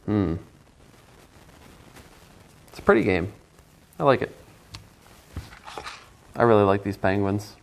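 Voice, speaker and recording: A man's voice: lowish voice, animated, slow, creaky, long pauses, slight background noise. A man reviewing a board game in a casual first-person video, musing aloud with playful asides.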